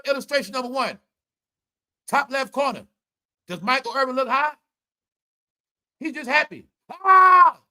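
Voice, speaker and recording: A man's voice: extremely high pitch, sharp tone. A man hosting a commentary show, ranting in a mock-courtroom style and swearing freely. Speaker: show host.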